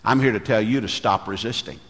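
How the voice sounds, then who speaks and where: A man's voice: fairly low pitch, brisk, a bit bright, long reverb tail. A middle-aged man preaching, a pastor telling folksy stories and acting out the voices he quotes. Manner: folksy storyteller who acts out quoted voices. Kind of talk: sermon with storytelling.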